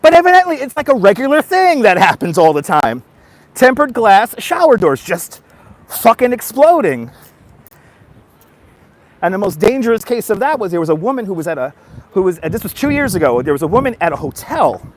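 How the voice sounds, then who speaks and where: Brief: man, slightly high voice, livestream vlogger, recorded outdoors on a phone. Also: big pitch swings, fairly quick. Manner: chatty storytelling, greets viewers by name. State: tired after a nap. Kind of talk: casual livestream chat. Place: outdoors on a boardwalk.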